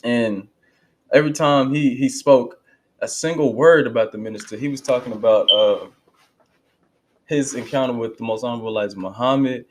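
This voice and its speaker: This channel host reacts to a speech in a conversational, emphatic way, breaking into fervent bursts and quoting others. He speaks at a moderate pace in a mid-range voice, with heavy background noise behind him.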